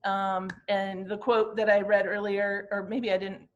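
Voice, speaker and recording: On a muffled recording, a woman in her fifties presents slides of her glass art in a reflective, halting way, sharing the personal meaning behind each piece. She speaks at a middle pitch with a flat delivery.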